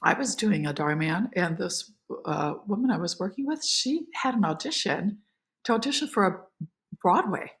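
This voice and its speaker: An actress as a podcast guest, telling emotional behind-the-scenes stories in a lively, filler-filled way. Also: female voice, medium pitch, moderate pace. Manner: animated, emotional, many fillers. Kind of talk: casual interview storytelling.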